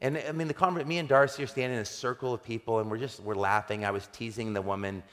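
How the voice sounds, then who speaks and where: In a large hall with long reverb, a middle-aged pastor delivers his sermon as a personal story, humorous and conversational before turning emphatic when preaching. He talks fast in a medium-pitched, slightly bright voice with fairly even intonation.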